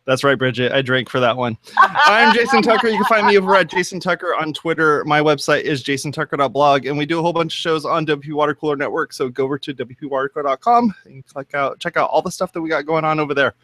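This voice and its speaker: A man's voice: a little high, fast, bright, forceful tone, dry recording. A man hosting a talk show in a casual, upbeat, chatty way. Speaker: host.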